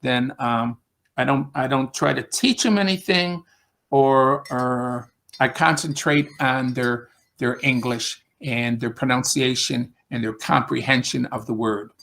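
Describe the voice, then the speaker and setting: A man's voice: mid-range voice, a little slow, gravelly, a bit bright. A man with an upstate New York accent talking casually on a video call, rambling with fillers and restarts as he describes teaching English. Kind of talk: casual conversation.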